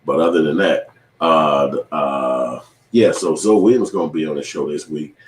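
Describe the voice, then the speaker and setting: A man's voice: extremely low pitch, normal speed. A man hosting his own channel, telling a rambling, slangy, profane recap of recent shows. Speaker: channel host. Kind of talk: casual recap commentary. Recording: roomy echo with faint background noise.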